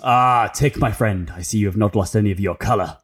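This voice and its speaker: A man's voice: fairly low pitch, a little fast, slightly rough. A man playing a tabletop game who speaks in character in a formal, courteous way. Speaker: player.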